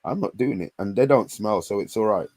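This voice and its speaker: Husky low-voiced bloke. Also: male voice, animated, a little fast, darkish tone, no echo. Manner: blunt, laughs often, swears casually. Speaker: podcast co-host. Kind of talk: casual chat.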